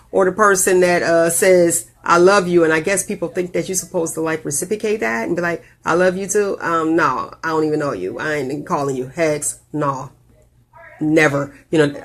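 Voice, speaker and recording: A woman hosting a casual live video show, telling stories with animated, jumpy delivery and big leaps in pitch on quoted lines. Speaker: host.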